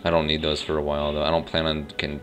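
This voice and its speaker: A man's voice: a bass voice, completely flat delivery, quick pace, slight background noise. A man giving casual gameplay commentary, rambling and unsure of himself as he thinks aloud. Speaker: let's play host. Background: faint game music.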